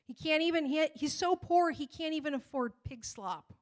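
Middle-aged female pastor, animated storytelling sermon, slightly high pitch. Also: normal speed. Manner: animated storytelling, acting out voices.

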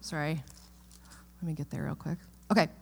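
A woman's voice: sits low, fairly even intonation, moderate pace, vocal fry, darkish tone, slightly rough. A woman pastor giving a casual, conversational sermon and Bible study, often checking in with listeners. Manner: chatty, informal, frequent "okay?" checks with listeners.

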